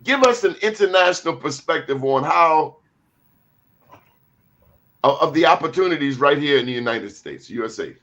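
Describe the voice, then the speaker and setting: A male talk show host with a fairly high voice. He talks in an animated, emphatic way, leaning into his points with lively asides. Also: normal speed, pauses often, highs cut off.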